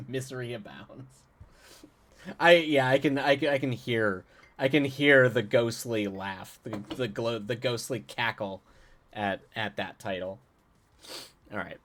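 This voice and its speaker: Sex: man. Role: live streamer. Style: casual chat, playful with viewers, halting with many restarts. Pitch: average. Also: big pitch swings, a bit bright. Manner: rambling, halting, with frequent restarts and chuckles; answers chat directly, playful. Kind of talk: casual stream chat and reading a story aloud.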